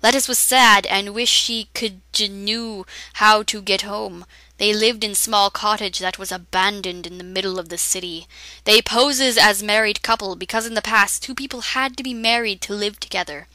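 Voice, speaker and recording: A woman reading a fan story aloud, halting and reading its typos as written. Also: medium pitch, fairly even intonation, sharp tone, dry recording, low-quality recording. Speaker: reader.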